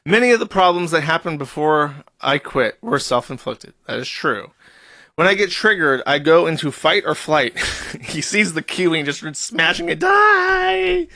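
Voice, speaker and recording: A man's voice: a little high, animated, moderate pace, pushed and bright, no echo. A man hosting a live stream, reading posts aloud and mocking them in a sarcastic, profane, mock-serious tone. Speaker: streamer host.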